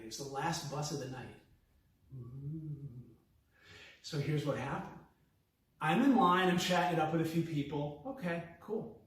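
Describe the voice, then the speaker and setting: A man telling a stand-up story with a New York accent, acting out the voices of the people in it with big swings. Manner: animated, acts out quotes with big pitch swings. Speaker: comedian. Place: live stand-up venue. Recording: echoey room from far off.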